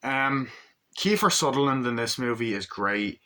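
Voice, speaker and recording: A man's voice: medium pitch, animated, normal speed, sharp tone. A man giving a casual, rambling movie review, swearing often and acting out scenes in funny voices. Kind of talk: casual spoken film review.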